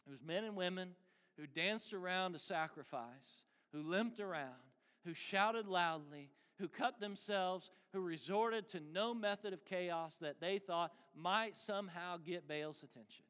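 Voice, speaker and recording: A man preaching a sermon as pastor, emphatic and animated with dry humor. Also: high voice, a little slow. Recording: long reverb of a large hall.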